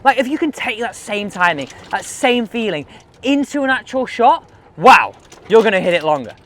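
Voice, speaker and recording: A man's voice: high voice, sing-song, moderate pace, fairly bright tone. A middle-aged man, a golf coach chatting casually on a range between shots and talking himself through each swing. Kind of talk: casual range-testing vlog commentary.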